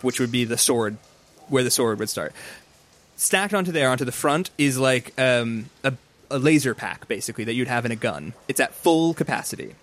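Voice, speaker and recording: A man narrating a tabletop game as game master, describing scenes in a casual way with quick asides. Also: mid-range voice.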